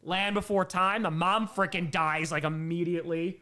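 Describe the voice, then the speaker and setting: Chatty man with a higher voice. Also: level tone, normal speed, sharp tone. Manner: rambling and enthusiastic, thanks donors between answers. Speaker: livestream host answering viewer questions. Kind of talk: casual chat.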